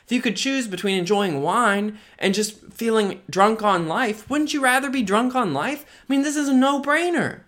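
A man's voice: high-pitched, normal speed, hardly any pauses, fairly bright tone. A tired man hosting his own podcast who talks in a rambling, upbeat way, full of "like" and "right?". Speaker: podcast host. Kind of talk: casual solo podcast monologue.

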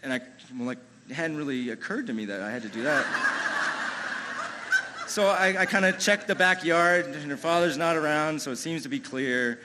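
A man telling a personal story live on stage, chatty and animated, with lots of "you know" and restarts. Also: fairly high pitch, normal speed, heavy background noise.

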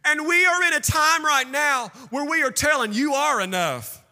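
A man preaching a sermon, swinging from hushed asides to shouted declarations. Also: very high voice, normal speed. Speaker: pastor. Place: church sanctuary. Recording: long reverb of a large hall.

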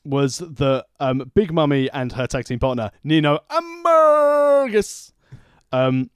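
A man's voice: medium pitch, moderate pace, dry recording. A man co-hosting a podcast, chatting casually and joking. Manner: joking, animated. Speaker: podcast co-host. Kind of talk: casual chat.

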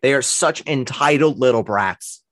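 A man's voice: mid-range voice, normal speed, fairly bright tone. Opinionated man in casual sports chat. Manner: opinionated, repeats words when he starts a thought. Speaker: podcast co-host.

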